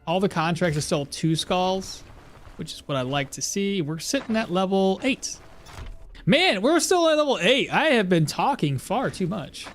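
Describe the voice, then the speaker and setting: A man's voice: sits high, expressive, moderate pace, soft background music. A man giving casual, rambling gameplay commentary as a streamer, often laughing at himself. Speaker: game streamer.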